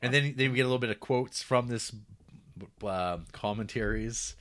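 A man's voice: mid-range voice, normal speed, a bit bright. A man co-hosting a casual comedic movie recap, laughing often and slipping into mock folksy voices. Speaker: podcast co-host.

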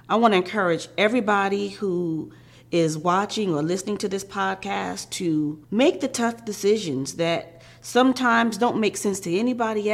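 Woman podcast host, mid-pitch, calm, encouraging. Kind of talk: casual podcast chat.

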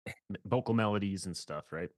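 A man's voice: deep voice, moderate pace, no room sound, studio quality. A man with a Canadian accent hosting a casual podcast, easygoing and laughing often. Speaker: podcast host.

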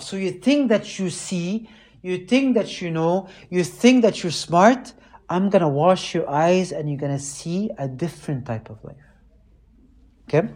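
A man, a priest, preaching in a casual, animated way and often checking in with his listeners. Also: fairly high pitch, unhurried. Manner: animated, keeps asking listeners "right?". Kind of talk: conversational sermon.

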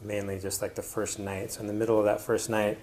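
Low-ish guy telling his story to a crowd, lots of "like" and restarts, faint hiss behind. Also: flat delivery, fast, a little mellow. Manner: rambling, with many fillers and restarts. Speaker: conference presenter. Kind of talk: casual personal talk to an audience.

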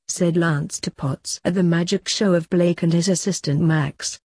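Husky, mellow-voiced woman narrating a story. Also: lowish voice, takes it slowly, hardly any pauses, no echo, clean studio sound. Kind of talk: storybook reading.

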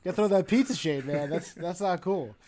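A young man with a New York accent co-hosting a podcast in casual chat, animated and teasing, laughing often. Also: sits high, fairly quick. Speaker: podcast co-host.

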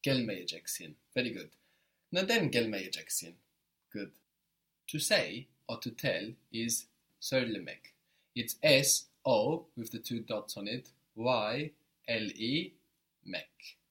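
A man's voice: mid-range voice, sing-song, slow, fairly bright tone. A man teaching a spoken language lesson, patiently explaining step by step and encouraging his student.

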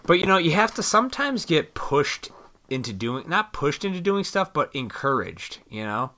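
A man rambling in a casual venting monologue to his viewers, swearing freely and animated. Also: fairly high pitch, moderate pace. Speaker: vlogger.

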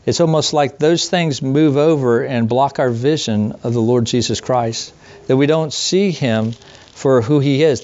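Brief: middle-aged man, pastor, conversational sermon, rhetorical questions, muffled low-fi church tape. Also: darkish tone.

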